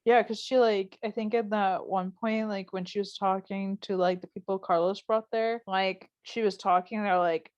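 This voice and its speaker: A woman's voice: mid-range voice, steady tone, normal speed, hardly any pauses, darkish tone, no room sound, lo-fi sound. A young woman co-hosting a podcast, chatting casually and acting out quotes with lots of fillers. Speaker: podcast co-host. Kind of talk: casual chat recapping a TV episode.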